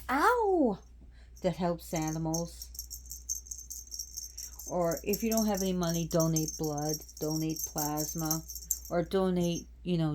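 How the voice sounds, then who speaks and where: A woman's voice: fairly low pitch, darkish tone, a little hiss or hum. A woman hosting her own channel, giving a casual, rambling talk about a goddess. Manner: rambling, repeats and restarts phrases. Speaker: channel host.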